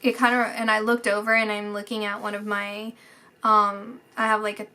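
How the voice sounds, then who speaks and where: A woman's voice: mid-range voice, monotone, normal speed. A woman giving a casual psychic reading, hesitant and full of fillers, sometimes dropping to a whisper. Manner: hesitant, many fillers, drifts into soft whispers. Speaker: psychic reader.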